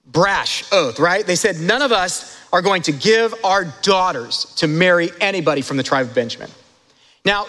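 Animated high-voiced male pastor preaching. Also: in a large hall. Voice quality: animated, talks straight to the congregation with asides and laughs. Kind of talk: sermon.

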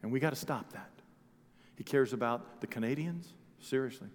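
A man preaching a sermon as pastor, swinging between quiet talk and loud emphatic preaching. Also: medium pitch, normal speed, in a large hall.

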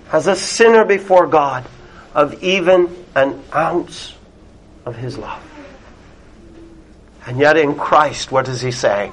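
A male preacher delivers a sermon to a small congregation. He speaks slowly and emphatically in a slightly high voice. He lets his voice fall almost to a whisper on the words he wants to land. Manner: deliberate, emphatic, drops very soft on key words.

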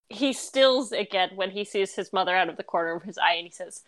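A woman running a tabletop game as game master, narrating in a lively, chatty way. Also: mid-range voice, brisk, few pauses, no echo. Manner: lively, chatty, with laughs and fillers.

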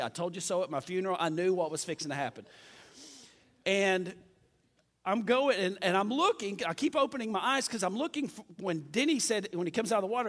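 A man preaching a sermon, telling a story in a lively, self-mocking way. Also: high-pitched, long reverb tail.

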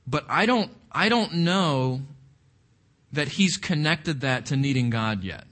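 A man's voice: on the high side, animated, takes it slowly, a bit bright. A man leading an interactive Bible study, reflective, often asking the group questions and repeating words as he thinks.

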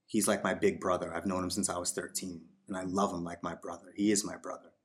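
A male podcast guest reflects on a personal experience without hurrying, leaning on fillers and quoting people in their voices. His voice sits low and his delivery is flat.

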